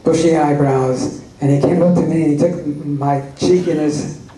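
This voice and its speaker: A man's voice: fairly high pitch, fairly even intonation, normal speed, mellow. Wry storytelling man in an echoey hall. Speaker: convention panel guest. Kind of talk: audience Q&A at a fan convention. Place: large convention hall. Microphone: recorded from the audience. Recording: echoey hall recorded from far off.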